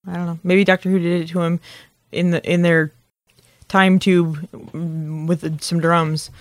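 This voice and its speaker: Brief: wry co-host, mid-pitched voice, dry close mic. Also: flat delivery, unhurried, no echo. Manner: wry, joking. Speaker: podcast co-host. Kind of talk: casual chat.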